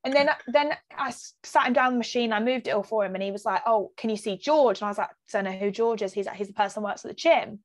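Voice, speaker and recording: A woman's voice: fairly high pitch, fast talker, few pauses. Young woman telling a story. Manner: lively anecdotes, acts out quotes, many "like" fillers. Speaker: podcast co-host. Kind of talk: casual chat, storytelling.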